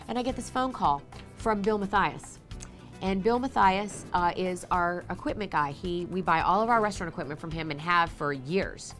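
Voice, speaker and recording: A woman who hosts a TV show and runs restaurants, telling her story to camera in a chatty, animated way on a lapel mic. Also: medium pitch. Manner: chatty and animated, acts out dialogue with a raised voice. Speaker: TV host and restaurant owner. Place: on a filming set with a camera crew.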